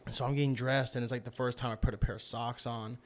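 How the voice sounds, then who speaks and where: A man recounting a personal story in casual conversation, animated and acting out quoted lines with bursts of laughter. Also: mid-range voice, quick pace, slight background noise. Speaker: guest.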